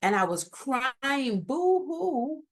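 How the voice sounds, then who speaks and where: Lively woman telling a personal story. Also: lowish voice, a little slow. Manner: lively, tag questions like "right?". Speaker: guest telling her near-death story.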